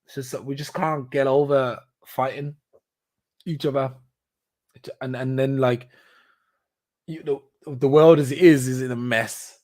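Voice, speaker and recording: A man chats alone on his podcast in a loose, unscripted way. His voice sits at an ordinary middle pitch. He stumbles through restarts and fillers and breaks into laughter often. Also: steady tone, a little slow, long pauses, darkish tone. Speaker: podcast host. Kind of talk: casual solo commentary.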